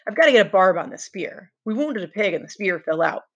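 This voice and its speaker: A woman's voice: medium pitch, very animated, fairly quick, husky, muffled recording. A woman reading the lines of a fierce, brooding boy hunter in a novel, in short, blunt phrases.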